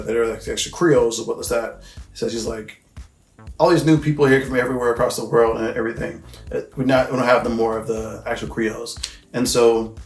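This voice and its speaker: A man hosting a casual movie recap, talking in a loose, rambling way, with lots of filler words and swearing. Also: mid-range voice. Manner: loose, rambling and profane, full of "like" and "you know what I mean". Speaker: host. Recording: echoey room with faint music.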